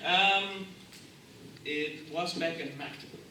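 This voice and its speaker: A man's voice: on the high side, steady tone, takes it slowly, bright, forceful tone, a little hiss or hum. A man from Germany, a guest on a convention panel, telling an anecdote in a hesitant, wry way. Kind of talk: anecdotal storytelling. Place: large convention hall. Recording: echoey hall recorded from far off.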